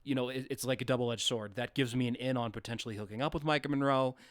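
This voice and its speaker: A man's voice: medium pitch, fairly even intonation, quick pace, dry recording. Laid-back young man, dry sound. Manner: laid-back, hesitant, swears, laughs easily. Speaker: podcast co-host. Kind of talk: casual film podcast chat.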